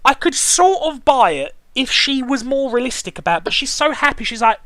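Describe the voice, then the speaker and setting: Ranting, lively, sweary man. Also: very high voice, a little fast, few pauses, no room sound. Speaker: show reviewer and host. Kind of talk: casual review chat.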